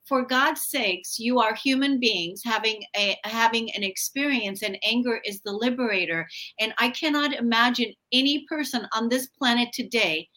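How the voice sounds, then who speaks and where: Woman guest, bright, slightly high, passionate, emphatic, casual chat. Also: normal speed, few pauses. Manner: emphatic, passionate, occasional swearing. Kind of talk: casual spiritual wellness chat.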